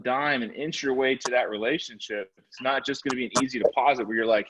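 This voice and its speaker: A man with a medium-pitched voice giving a motivational sales-training talk. He tells animated, energetic stories to make his points. The recording sounds slightly muffled. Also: fast talker, few pauses. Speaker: real estate sales trainer.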